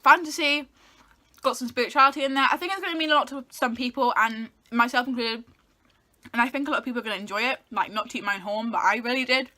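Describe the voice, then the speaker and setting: A woman's voice: on the high side, fairly even intonation, quick pace, sharp tone. A young woman chatting casually to camera while eating, swearing now and then as she answers questions. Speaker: book YouTuber. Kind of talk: casual chat. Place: home, indoors.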